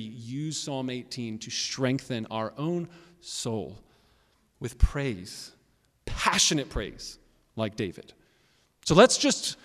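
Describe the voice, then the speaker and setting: In a church hall with a long reverb, a pastor preaches his sermon to the congregation. His slightly high voice drops to quiet asides, then rises into loud, emphatic bursts.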